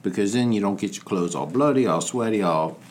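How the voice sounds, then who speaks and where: A man's voice: on the low side, fairly quick. A man co-hosting a true-crime podcast, rambling through the story with jokes. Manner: rambling, jokey, lively storyteller. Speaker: podcast co-host.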